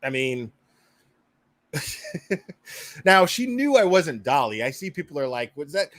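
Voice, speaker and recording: A man talking over clips in a casual commentary, profane and quick to laugh, stumbling over his own restarts. His voice sits a little high. The sound is dry and close, with no room around it. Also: very animated, no echo. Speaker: YouTube commentary host.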